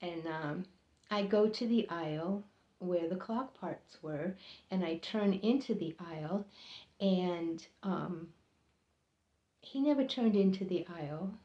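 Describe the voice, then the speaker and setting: Earnest woman telling a true story. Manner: earnest, halting, emotional, voices others' lines higher. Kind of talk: personal testimony storytelling. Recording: roomy, slightly dull recording.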